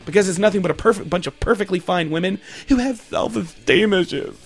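A man's voice: high-pitched, fairly quick, faint music behind. A man hosting a comedy show, ranting in a crude, rambling way and swearing constantly. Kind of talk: profane comedic rant.

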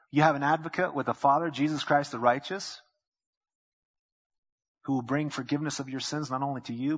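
A man preaches from the pulpit, swinging his voice up high when he acts out other people. His voice is husky. The recording is dull and muffled. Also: a bit bright. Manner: preaches with quoted voices and sudden pitch leaps. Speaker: pastor. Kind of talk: sermon.

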